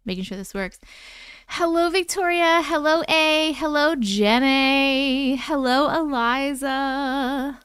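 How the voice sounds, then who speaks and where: A woman hosting a casual livestream at home from her computer, greeting viewers one by one by name, sounding low on energy. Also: slow pace, a bit bright, dry recording, clean studio sound. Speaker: livestream host.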